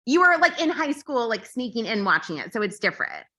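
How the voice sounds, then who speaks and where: A woman's voice: a little high, sing-song, a little fast, bright, forceful tone. A woman guest on a comedy podcast, chatty and teasing the host. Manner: chatty, teasing, laughs often. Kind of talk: casual podcast chat.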